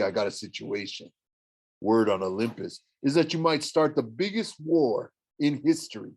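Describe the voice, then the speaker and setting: A man voicing a menacing, taunting male war god in an audiobook, sneering and low. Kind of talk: audiobook character voice.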